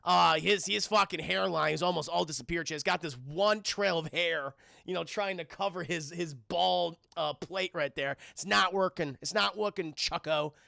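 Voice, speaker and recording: A young man recapping a cartoon episode for his live chat, excitable and profane, breaking into voices for the characters. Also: on the high side, moderate pace, creaky, no room sound, clean studio sound. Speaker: streamer reviewing a cartoon.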